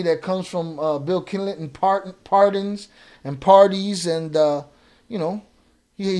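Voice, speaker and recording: A man with a high-pitched voice hosting a live reaction stream. He talks casually and with plenty of profanity, leans on street slang and gets confrontational with the chat. Now and then he reads viewer comments out loud. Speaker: livestream reaction host.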